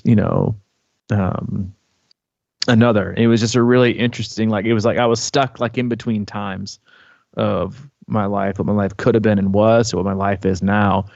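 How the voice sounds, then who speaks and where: A man co-hosting a podcast, telling a long story in casual chat, rambling and animated, full of fillers and restarts. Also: fairly low pitch, moderate pace, creaky, dry recording, muffled recording. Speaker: podcast co-host.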